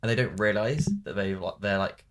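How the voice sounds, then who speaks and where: A man with a very low voice chats casually as a podcast co-host. He is easygoing and keeps the talk going with quick short replies.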